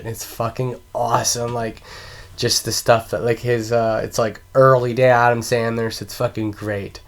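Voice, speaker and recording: A man's voice: medium pitch, darkish tone. Casual male vlogger, chatty and profane, laughs a lot, forgets names mid-thought, mid-range voice. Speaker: movie review vlogger. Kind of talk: casual, rambling movie countdown.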